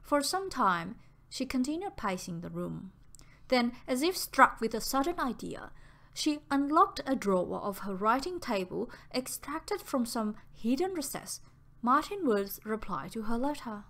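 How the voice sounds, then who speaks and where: A woman narrating an audiobook in a measured, expressive reading. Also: fairly high pitch.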